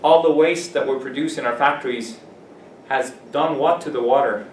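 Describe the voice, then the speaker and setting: A man's voice: mid-range voice, moderate pace. Teacher man in an echoey classroom. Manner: explains words, then repeats and checks them with the class. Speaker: English teacher. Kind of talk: classroom vocabulary lesson. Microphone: camera at a distance. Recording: echoey classroom from far off with faint hiss.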